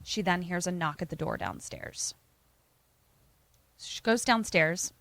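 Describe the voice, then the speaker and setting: A woman co-hosting a podcast, casually retelling a film plot in an animated way and acting out the characters' lines. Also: on the low side, slow pace, no room sound. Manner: animated, acts out quoted lines. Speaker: podcast co-host.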